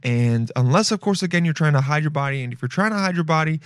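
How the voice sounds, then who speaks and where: A man's voice: on the high side, lively intonation, quick pace, no room sound. A young man from Los Angeles hosting a podcast, with a sniffly nose, rambling casually and swearing freely. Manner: rambling, swears freely, calls listeners "dude". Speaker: podcast host. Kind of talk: casual solo chat.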